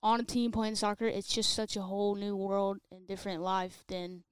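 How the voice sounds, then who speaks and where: A woman's voice: mid-range voice, flat delivery, normal speed, clean tone, no echo. A woman, a soccer player, chatting easily as a podcast guest and telling stories. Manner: easygoing, storytelling. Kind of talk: casual interview chat.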